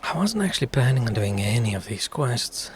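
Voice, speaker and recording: A man's voice: mid-range voice, sing-song, fairly quick, slight background noise. A man casually commenting while playing a video game on stream, rambling and answering chat.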